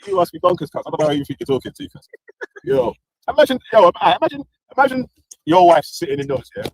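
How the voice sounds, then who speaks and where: A man's voice: high-pitched, very animated, quick pace, creaky, a little mellow, slight background noise, poor audio. A man hosting a casual talk stream, mocking and swearing, often laughing. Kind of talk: heated casual commentary.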